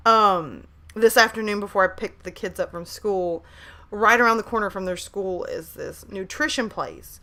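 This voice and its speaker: Speaking at a normal speed in a mid-range voice that sounds pushed and bright, a woman chats on a live stream from home. She's hyper and talkative, reading out chat messages into a desk microphone at her laptop.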